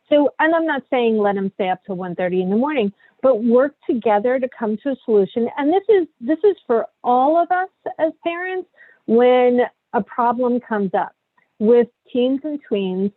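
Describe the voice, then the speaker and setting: A woman's voice: fairly high pitch, no echo. Woman coaching parents over a tinny call. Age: middle-aged. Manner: candid, coaching, frequent rhetorical "right?". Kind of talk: online parenting workshop.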